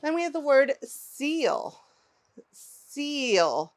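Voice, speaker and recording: Slow, high-voiced children's teacher. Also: female voice, sing-song. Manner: repeats each word slowly, invites children to say it along. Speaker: early-learning teacher. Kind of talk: slow, clearly enunciated phonics lesson for young children.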